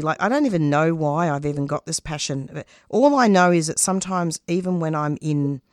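A low-voiced woman speaks with earnest, passionate conviction, halting and restarting as she searches for words. Her voice sits deep for a woman. The sound is close and dry. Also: no room sound. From Australia. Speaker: radio producer and host, interview guest. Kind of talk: casual interview talk.

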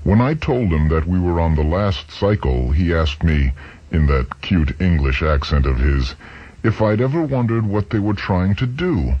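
A man's voice: deep voice, animated, moderate pace, darkish tone, slightly rough, dry recording. A man voicing an anxious young male engineer who speaks urgently, in a dull lo-fi recording. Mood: uneasy. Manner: urgent, worried.

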